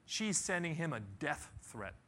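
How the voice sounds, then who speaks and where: Slow, bright-voiced man preaching. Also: a little high, slight background noise. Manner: animated storytelling with sudden shouts and dramatic pauses. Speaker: pastor. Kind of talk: sermon.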